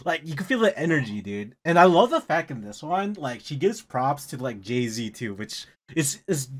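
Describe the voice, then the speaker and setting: Male reaction host, upbeat and slangy, pitch on the high side and very lively. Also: normal speed. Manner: hyped, slangy, says "dude" and "bro". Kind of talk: excited reaction chat.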